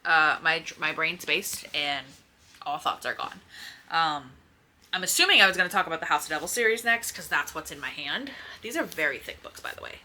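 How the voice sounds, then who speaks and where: Chatty woman with a lively voice. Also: low-pitched, a little fast, a little hiss or hum. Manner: chatty, rambling, swears casually. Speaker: book vlogger. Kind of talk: casual chat. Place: home room by bookshelves. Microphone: camera in front.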